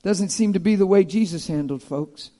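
A male preacher giving a sermon in an animated, emphatic way, swinging between loud and hushed. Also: high voice, normal speed.

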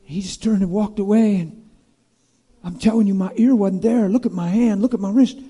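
Brief: awed ancient servant man, high-pitched and hushed, earnest retelling, as a preacher puts him on. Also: steady tone, moderate pace, slightly rough. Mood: hushed awe. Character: awestruck ancient male servant, ear just healed.

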